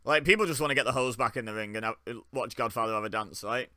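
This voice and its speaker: Wry, bright-voiced man. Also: medium pitch, fast, no echo, clean studio sound. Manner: wry, joking, laughs often. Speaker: watch-along host. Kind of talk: casual live commentary.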